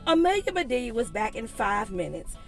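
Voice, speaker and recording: A woman reading a picture book aloud for kids, animated, with giggly asides to her young listeners. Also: a little high, fairly quick, soft background music. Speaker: children's story reader. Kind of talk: read-aloud story time for kids.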